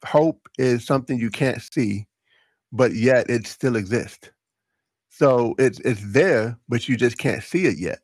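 A man's voice: medium pitch, expressive, unhurried, darkish tone, no room sound. Earnest male interview guest. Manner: earnest, stumbles and repeats words, laughs easily. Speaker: guest, entrepreneur. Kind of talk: interview conversation.

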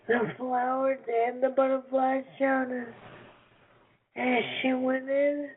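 A woman reads a storybook aloud at a very slow, careful pace. Her voice is high. It comes through a narrow, phone-like line with a clear hiss behind it. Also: flat delivery. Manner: slow, careful reading with page-turning asides. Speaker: storyteller host.

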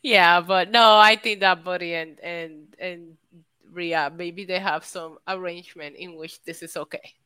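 A woman's voice: lowish voice, steady tone, a little slow, bright, forceful tone, clean tone, no echo. A woman co-hosting a podcast in casual chat, emphatic and teasing, laughing often. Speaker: podcast co-host.

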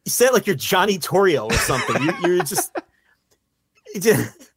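A man's voice: sits high, sing-song, normal speed, a bit bright, husky, no room sound. A man with an Ohio accent, co-hosting a podcast in casual chat, teasing and joking with his partner. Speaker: podcast co-host.

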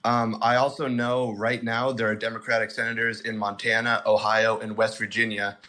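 A man's voice: fairly low pitch, little pitch movement, moderate pace, bright, forceful tone. A man from the American Midwest phoning in and hesitantly reading a prepared question. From Midwest United States. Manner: hesitant, many fillers. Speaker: caller.

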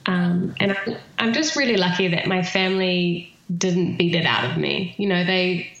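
A woman with a New Zealand accent, a podcast guest chatting at length and filling her pauses with ums. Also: fairly low pitch, fairly bright tone, heavy reverb, dull audio. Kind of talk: casual podcast interview.

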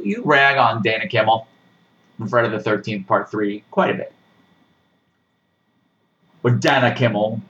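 A man's voice: medium pitch, muffled recording. Sarcastic man ranting animatedly. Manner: sarcastic, animated, swings into mocking voices. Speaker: podcast movie reviewer. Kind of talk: casual ranting review.

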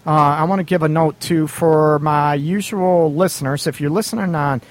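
A man's voice: fairly high pitch, fairly even intonation, normal speed. A man hosting a radio advice show, talking bluntly and casually about relationships with frequent laughs and mild swearing.

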